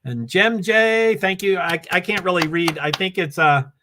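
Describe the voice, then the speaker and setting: Older male stream host, slightly high voice, scattered chatty delivery. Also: normal speed, pushed and bright. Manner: chatty and scattered, reading viewer comments aloud. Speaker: livestream host. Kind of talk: rambling casual livestream chat. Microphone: laptop.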